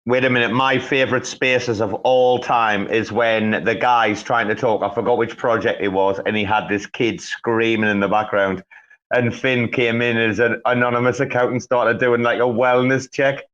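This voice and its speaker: A man hosting a live audio chat, talking in an excitable, profane and rambling way. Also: mid-range voice, moderate pace. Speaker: host. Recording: dull lo-fi audio.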